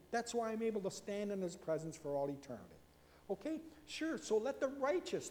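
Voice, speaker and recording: A man from Canada preaching a sermon as a pastor, an animated storyteller who moves from loud emphasis to hushed asides. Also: high-pitched, in a large hall.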